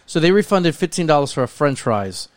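A man with a smooth, resonant voice pitched a little above average, chatting in a laid-back, wry way. He likes to toss out provocative opinions offhand. The sound is dry and close, with no room echo. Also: big pitch swings, a little fast. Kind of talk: casual chat.

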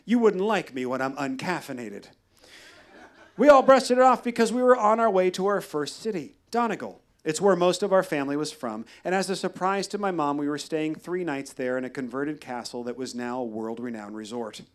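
A man telling a wry, deadpan personal story at a live storytelling show. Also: a little high, fairly quick, hardly any pauses. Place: live venue.

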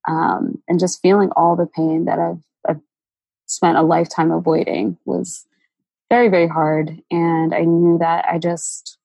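A woman guest telling a painful personal story, halting and emotional, with many fillers and restarts. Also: fairly low pitch, flat delivery, creaky, warm tone, slightly rough, no room sound, poor audio. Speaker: interview guest.

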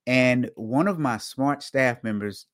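A man hosting a casual live talk show for auditors, dry in his humor, repeating his points and jumping up in pitch and volume to stress them. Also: takes it slowly. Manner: animated, jumps up in pitch and volume for emphasis. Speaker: host of an online show for auditors.

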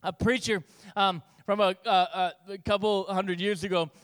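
A man's voice: high voice, a little slow, clear, resonant tone. A man preaching a sermon as pastor, telling stories with acted-out dialogue. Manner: animated storytelling with acted-out dialogue.

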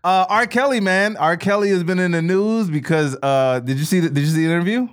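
A man's voice: high voice, fairly quick, clean tone. A young man co-hosting a comedy podcast, talking in a loose, profane way and slipping into mocking impressions. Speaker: podcast co-host. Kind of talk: casual comedic chat.

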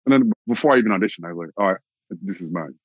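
A man from Austin, Texas, an actor telling his own story in an interview, animated and repeating phrases for emphasis. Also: deep voice, very fast, slightly rough, dry recording, dull audio. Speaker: actor, guest.

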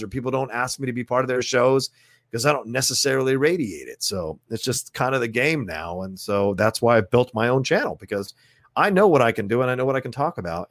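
A man who is a podcast guest, telling a personal story in a blunt, profane, animated way, recorded close to a studio mic. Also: mid-range voice, no room sound. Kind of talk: casual storytelling in conversation.

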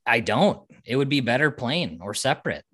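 A young man co-hosts a casual podcast in a relaxed, wry, agreeable manner. His voice sits in a mid range and is recorded dry and close, with no room sound. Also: mid-range voice, normal speed, slightly rough, no room sound. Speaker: podcast co-host. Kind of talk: casual chat.

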